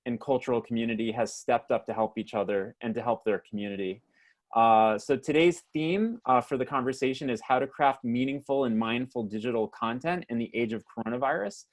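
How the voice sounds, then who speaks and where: A man hosts a webinar over a video call. He reads out guest introductions in a mid-pitched voice, pausing on fillers and tripping over names. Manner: hesitant, many uh and um fillers, stumbles on names. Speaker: host and moderator of a webinar.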